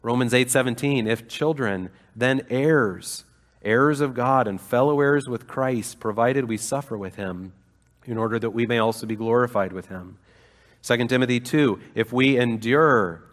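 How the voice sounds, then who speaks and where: A man's voice: mid-range voice, measured pace, big-room sound. A man preaching a sermon, talking through scripture in a conversational way with fillers and rising to fervent emphasis. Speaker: pastor.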